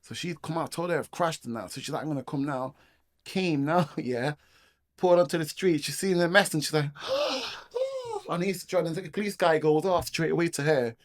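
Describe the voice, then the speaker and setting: Man, Manchester accent, middle-aged, slightly high voice, animated storytelling, slangy, dry close sound. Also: a little fast, no echo. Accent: Manchester English. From England. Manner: animated, acts out voices of people in his story; rambling with slang fillers. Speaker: guest. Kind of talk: personal testimony storytelling.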